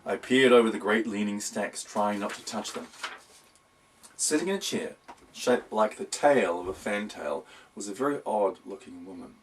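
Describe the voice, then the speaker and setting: A man's voice: fairly low pitch, expressive, moderate pace, a little hiss or hum. A man narrating a whimsical storybook in a wry, playful tone. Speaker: audiobook reader. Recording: voice distant from the mic.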